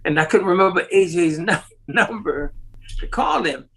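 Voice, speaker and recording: An interview guest delivers a long, animated story at normal speed, his expressive voice showing vocal fry and a breathy edge on a rough recording. He often laughs and mimics quoted voices by jumping sharply higher in pitch.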